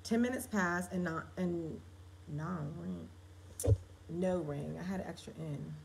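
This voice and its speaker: A woman with a fairly low voice chatting casually on a live stream. She talks straight to her viewers and stops often to correct herself as she goes. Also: a little slow, creaky, a little hiss or hum, low-quality recording. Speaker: writer hosting a live stream.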